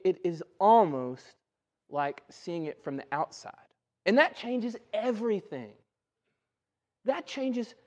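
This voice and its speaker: A male pastor giving a sermon in a church, talking conversationally and often checking in with "right?". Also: sits high. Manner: conversational, keeps asking "right?". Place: church sanctuary.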